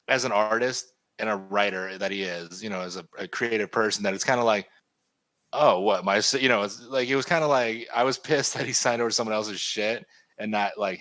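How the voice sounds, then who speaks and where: A man telling a story in a casual chat while he draws, animated and swearing freely. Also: mid-range voice, dry recording. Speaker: artist and stream host.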